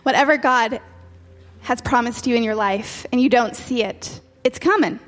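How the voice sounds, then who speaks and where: A woman's voice: on the high side, moderate pace. A woman preacher delivering an earnest sermon, repeating key phrases for emphasis. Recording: long hall reverb with faint music.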